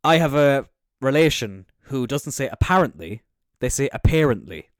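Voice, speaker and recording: A young podcast host from Cork, Ireland, with a Cork accent, chats and rambles through a casual solo show, swearing freely and trailing off mid-thought. He sits indoors on a squeaky chair. His medium-pitched voice is clean, at normal speed, in a dry, studio-quality recording.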